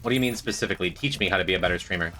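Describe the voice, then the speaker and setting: A man's voice: deep voice, very fast, pushed and bright. A man streaming a game, chatting with viewers in a dry, joking way. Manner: dry, joking, talks to chat. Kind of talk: casual gameplay commentary. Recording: faint music behind.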